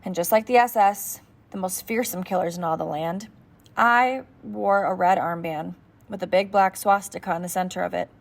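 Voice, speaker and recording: A woman's voice: fairly low pitch, moderate pace, vocal fry. A woman narrating an audiobook steadily in the first person as a boy.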